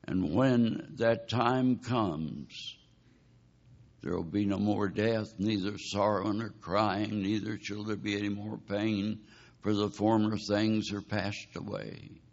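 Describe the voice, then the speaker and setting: A man's voice: fairly low pitch, steady tone, takes it slowly, creaky. A man preaching a sermon, telling a dramatic story and pleading with his listeners. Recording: dull lo-fi recording.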